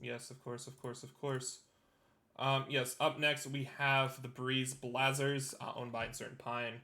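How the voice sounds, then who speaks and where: A man's voice: medium pitch, level tone, measured pace, pushed and bright. A young man hosting a live-streamed esports draft, talking with frequent ums and uhs. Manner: hesitant, many ums and uhs. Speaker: draft host and team owner.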